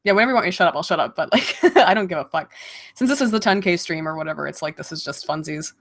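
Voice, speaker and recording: A woman casually chatting on a livestream Q&A, getting over a cold and clearing her throat, laughing often and swearing freely. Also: on the low side, lively intonation, rapid-fire. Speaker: streamer answering viewer questions.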